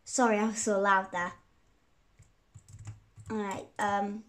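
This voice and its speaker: A young girl chatting through her gameplay, giggly and quick to say sorry. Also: mid-range voice, level tone, fairly bright tone. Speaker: gaming YouTuber. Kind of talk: casual gameplay commentary.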